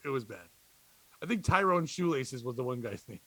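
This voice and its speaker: A man's voice: mid-range voice, animated, normal speed, a bit bright, no room sound. A male comedian and podcast cohost chatting casually in a rambling, joking way.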